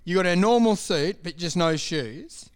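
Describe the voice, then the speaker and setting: A man with a smooth voice, laughing often and swearing in a casual comedy podcast chat. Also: high voice, lively intonation, a little slow.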